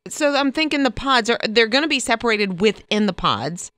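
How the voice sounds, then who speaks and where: A woman co-hosting a morning radio show, chatting casually, reacting quickly and laughing often. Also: fairly high pitch, animated, a bit bright, no room sound.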